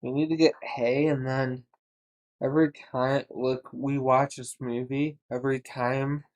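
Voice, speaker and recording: Man, casual banter, deadpan, crude asides, mid pitch. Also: a little slow. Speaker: co-host.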